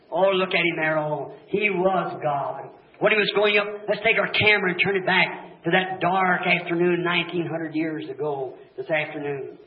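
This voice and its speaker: A man preaching a revival sermon, shouting fervent declarations and then dropping to hushed, low passages. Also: moderate pace. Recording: dull echoey old tape recording.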